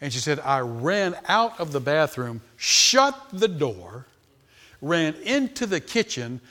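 A man in his sixties preaching a sermon, telling stories that start low and soft and build to loud, high, animated peaks. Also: slow pace. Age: 60s. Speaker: pastor. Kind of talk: sermon storytelling.

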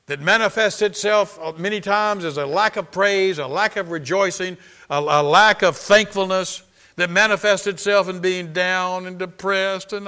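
Bright, forceful preaching man. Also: sits high, unhurried. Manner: emphatic preaching, repeating phrases, calling for amens. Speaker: pastor. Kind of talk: sermon.

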